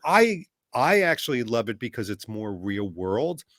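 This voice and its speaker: A man talking as a guest on a podcast, animated and full of rhetorical questions. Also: mid-range voice, unhurried, dry recording, studio quality. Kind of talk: casual chat.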